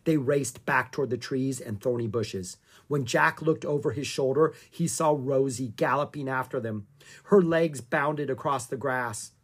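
A reader narrating a children's chapter book aloud with expressive storytelling. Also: medium pitch, measured pace, slightly rough. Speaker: audiobook narrator.

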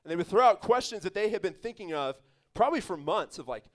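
High-voiced man preaching with emphatic energy. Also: lively intonation, fast. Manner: emphatic, conversational preaching with laughs and asides. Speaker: pastor. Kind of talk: sermon.

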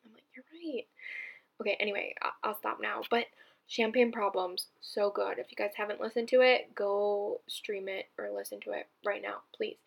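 A young woman talks through her solo podcast in a loose, chatty way, with a gravelly fry at the ends of her phrases. Her pitch sits in an ordinary middle range. She gushes, trips over her words and restarts them often. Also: steady tone, normal speed. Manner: chatty, gushing, many fillers and restarts. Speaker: podcast host. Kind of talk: casual solo podcast chat.

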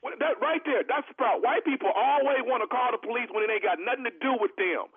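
A man's voice: very high voice, quick pace, breathy edge, dry recording. A man doing a prank phone call as a radio host, pushy and streetwise, with casual slang. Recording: tinny phone line.

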